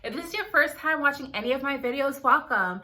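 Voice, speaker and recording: A young woman, a dermatology resident, chatting casually to her viewers in an animated storytelling vlog. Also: high voice, brisk. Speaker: dermatology resident, video creator.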